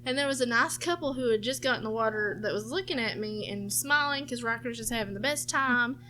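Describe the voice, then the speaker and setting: Kobieta, 30+, południowy akcent amerykański, ostra jasna barwa, swobodna gawęda podcastowa. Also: female voice, fairly high pitch, fairly quick, a little hiss or hum. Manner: animated, swears freely, acts out family members' lines. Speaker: podcast co-host. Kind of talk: casual storytelling chat.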